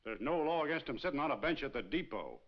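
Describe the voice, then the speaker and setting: A firm, matter-of-fact marshal. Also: male voice, on the high side, very animated, fast, background noise. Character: calm, firm town marshal. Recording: dull old film soundtrack.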